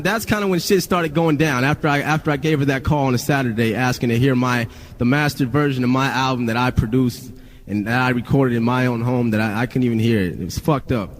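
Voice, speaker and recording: A man's voice: mid-range voice, brisk. A man being interviewed, telling a story in a candid, casual way with swearing and repetition. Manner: candid, profane, repeats himself.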